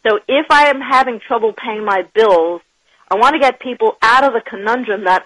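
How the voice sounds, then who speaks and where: A woman guest on a radio show, an enthusiastic and animated storyteller who laughs often. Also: a little high, normal speed, no echo, rough recording. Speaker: guest, business author and professor. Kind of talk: radio interview.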